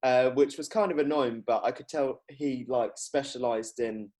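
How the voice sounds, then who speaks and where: A man's voice: medium pitch, moderate pace. Rambling young Englishman hosting a podcast. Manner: rambling, laughs often, acts out quotes loudly. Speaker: podcast host. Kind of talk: casual chat.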